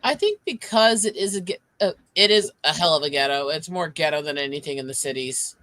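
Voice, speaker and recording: A man chatting on his stream in a bright, crisp voice. He talks loosely, swears and laughs easily. The sound is close and dry, with no room around it. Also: a little high, fairly quick, no room sound. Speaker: streamer host. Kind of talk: casual chat.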